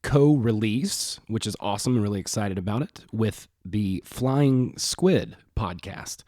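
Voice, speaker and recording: A man's voice: fairly low pitch, a little slow, dark tone, no room sound, studio quality. Chatty male podcast host. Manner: chatty, with frequent fillers and self-corrections. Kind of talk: casual podcast chat.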